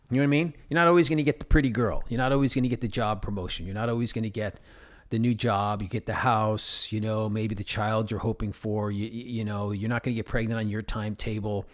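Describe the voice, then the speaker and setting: A middle-aged man from New England hosting a casual solo podcast, rambling and joking as he talks. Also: fairly low pitch. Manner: rambling, jokey, talks to his stuffed animals. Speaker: podcast host.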